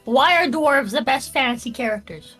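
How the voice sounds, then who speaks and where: A woman's voice: sits high, animated, normal speed, sharp tone, slightly rough, soft background music. A woman co-hosting a podcast, reading listener questions in casual chat, blunt and profane with a joking edge. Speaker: podcast co-host.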